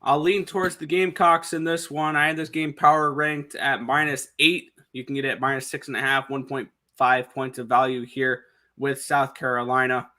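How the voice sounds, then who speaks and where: A man co-hosting a sports betting show, talking quickly through point spreads and picks with frequent restarts. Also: mid-range voice, little pitch movement, sharp tone. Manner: fast, number-heavy with frequent restarts. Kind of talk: casual picks talk.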